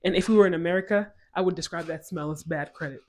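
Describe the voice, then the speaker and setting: A woman from Ghana telling a personal story in a casual vlog, animated and emphatic, often going off on tangents. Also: on the low side, fast talker. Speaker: vlogger.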